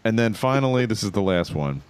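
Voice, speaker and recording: A man co-hosting a casual comedy podcast, telling stories in a wry, animated way. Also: fairly low pitch, brisk, slight background noise. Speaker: podcast co-host.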